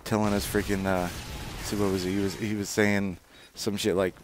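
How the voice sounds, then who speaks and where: Low-voiced man rambling over gameplay. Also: little pitch movement, normal speed, noisy background. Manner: rambling, profane, frequent fillers and restarts. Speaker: gaming channel host. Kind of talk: casual gameplay commentary.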